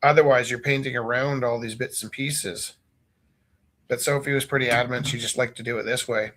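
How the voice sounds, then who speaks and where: A man's voice: medium pitch, fairly quick, a little hiss or hum. Forties guy, art teacher yarning away while he paints, loose and jokey, mid-range voice. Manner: animated, acts out his students' voices; loose and joking. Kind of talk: casual storytelling while painting.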